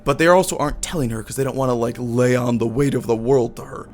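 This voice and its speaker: A man's voice: mid-range voice, quick pace, darkish tone, faint music behind. A man streaming a game, talking in loose casual chat, rambling with frequent restarts and swearing. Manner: rambling, profane, many restarts.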